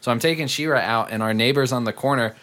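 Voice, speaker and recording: A man's voice: mid-range voice, quick pace, fairly bright tone. A man telling a story in casual chat, rambling with many fillers and lots of swearing.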